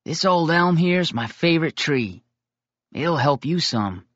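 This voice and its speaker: A man doing a grinning, teasing schoolboy, pitched high. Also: expressive, measured pace, a bit bright, no echo, lo-fi sound. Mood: gentle teasing. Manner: teasing, playful. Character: joking friendly boarding-school boy, grinning teaser.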